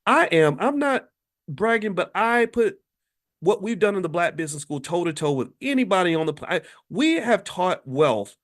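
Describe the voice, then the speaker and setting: A podcast host delivers a fiery monologue, firing off rhetorical questions at his listeners. He talks in a fairly high voice that leaps and dips with great animation. He sounds impassioned and preachy throughout. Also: very animated, moderate pace, a bit bright. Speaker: podcast host and finance professor.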